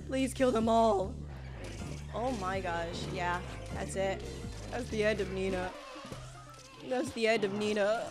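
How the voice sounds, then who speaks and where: A young woman streaming live gameplay, excitable and panicky, piling up "oh my gosh" and repeating herself as she reacts. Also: high voice, music in the background. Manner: excitable, panicky, talks fast with many "oh my gosh".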